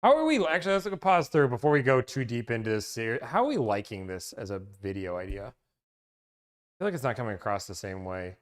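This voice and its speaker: A man's voice: medium pitch, very animated, a little fast. A man hosting a casual livestream, rambling and interrupting himself as he chats with viewers about car deals. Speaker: car-buying negotiation service host.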